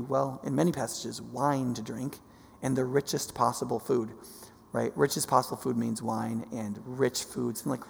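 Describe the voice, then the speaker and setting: A man preaching a sermon, teaching in a casual, animated way with many fillers. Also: mid-range voice, vocal fry, breathy edge, big-room sound.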